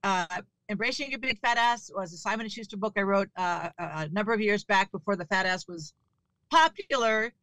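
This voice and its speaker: A woman's voice: medium pitch, brisk, fairly bright tone, dry recording. A woman being interviewed as a comedian and author, speaking candidly in a conversational way. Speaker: actress, comedian and author guest. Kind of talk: casual interview chat.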